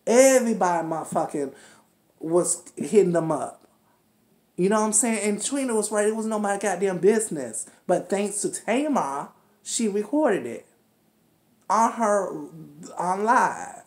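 A woman's voice: medium pitch, expressive, a little slow, darkish tone. A woman heatedly recapping a reality show, cursing and scolding the cast as if they could hear her. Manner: heated, profane, scolding, talks straight to the cast. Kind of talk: ranting recap commentary.

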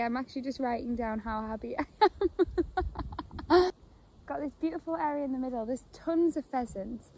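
A woman's voice: high-pitched, normal speed, warm tone, rough recording. A young woman vlogging outdoors on her phone by a pond, dreamy and delighted, laughing often. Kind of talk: casual outdoor vlog. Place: outdoors by a pond in abbey grounds.

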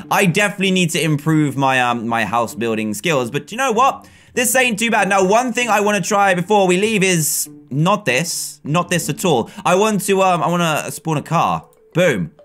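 An excitable young man gives casual gameplay commentary in a fairly high, very lively voice. He laughs often and talks to the other players as he goes. Faint game music plays behind him. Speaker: gaming video host.

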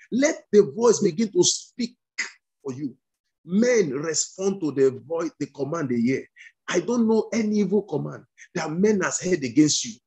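A man's voice: a little high, darkish tone, husky. A male pastor leading a fervent prayer sermon over a video call, repeating commands and breaking into tongues. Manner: commanding, repetitive declarations; speaks in tongues between prayers.

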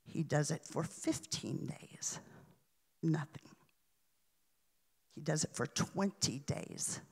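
A woman preacher telling a story in a sermon, dramatic, with sudden hushes and swells. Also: deep voice, slow pace, slightly rough.

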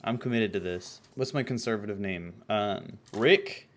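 A man's voice: lowish voice, a little slow, fairly bright tone. A man streaming live, commenting sarcastically with lots of swearing and filler words.

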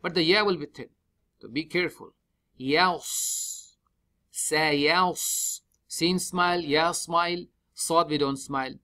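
Bright-voiced man teaching Quran recitation. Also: on the high side, fairly even intonation. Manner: slow, drawn-out chanting when reciting; spells out letters and vowels one by one. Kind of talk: step-by-step tajweed lesson. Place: mosque.

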